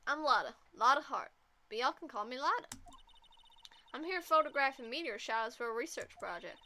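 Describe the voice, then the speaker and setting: A woman's voice: high-pitched, expressive, fairly quick, a little hiss or hum. A woman reading a brash, folksy female photographer in a put-on American Southern drawl. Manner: folksy, loud, boastful.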